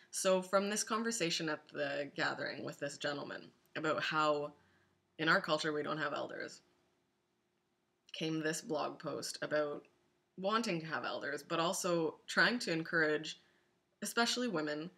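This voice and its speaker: A woman's voice: deep voice, gravelly, fairly bright tone. A middle-aged woman talking earnestly and directly to women listeners in a casual spoken blog post. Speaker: vlogger.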